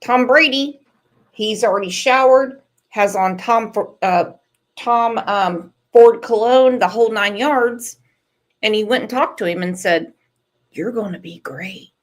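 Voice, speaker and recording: A woman's voice: on the high side, measured pace. A woman hosting a casual livestream, chatting and teasing a caller. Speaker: channel host.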